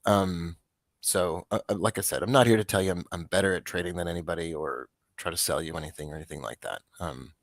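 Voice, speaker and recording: A man hosting a casual stock market show, rambling and restarting as he talks through trades, with a dry, flat tone. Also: deep voice, fast talker, dry recording. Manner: rambling, self-interrupting, offhand.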